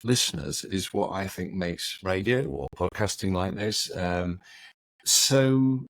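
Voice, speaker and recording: Radio guy in his 50s, low voice, chatty stories, dry close mic. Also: takes it slowly, no room sound. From West Yorkshire, England. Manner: fluent, anecdotal, broadcaster's ease. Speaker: radio presenter and guest. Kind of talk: conversational interview answers.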